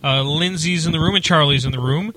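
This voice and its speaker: A man's voice: a little high, a little fast, pushed and bright, a little hiss or hum, poor audio. A man hosting a podcast in playful, joking casual chat, greeting listeners. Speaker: podcast host.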